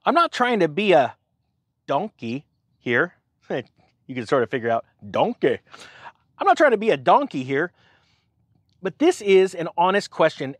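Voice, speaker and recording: Host type: animated guy, sarcastic asides, bright lively pitch, dry room. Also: no room sound. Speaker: host of a finance channel. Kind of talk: casual chat to camera.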